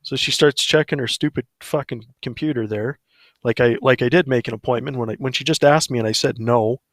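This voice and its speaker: A man's voice: medium pitch, fairly quick, no echo, studio quality. A man telling a story on a livestream, profane, blunt and ranting.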